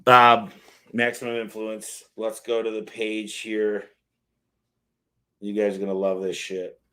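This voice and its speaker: A man hosts a live Q&A stream in a loose, conversational way, swearing now and then and reading lists aloud. His voice sits a bit low. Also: monotone, measured pace, pushed and bright. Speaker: host answering live questions. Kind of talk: casual live Q&A.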